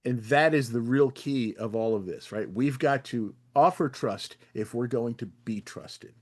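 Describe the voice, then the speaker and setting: A man's voice: mid-range voice, a little slow, a little mellow. Thoughtful man making points in a group talk. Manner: thoughtful, illustrates points with playful examples. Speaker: panel participant. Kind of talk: online group discussion.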